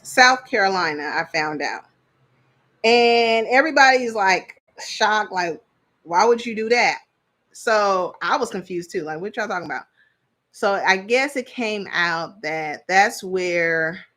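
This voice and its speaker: A woman's voice: fairly low pitch, a bit bright. Blunt, chatty woman reviewing reality TV. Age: adult parent. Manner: chatty, blunt, laughs often, trails off searching for names. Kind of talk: casual commentary.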